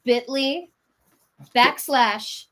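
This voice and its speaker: A woman's voice: high-pitched, drawn-out words, fairly bright tone. A woman co-hosting a livestream with playful, giggly banter. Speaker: livestream co-host.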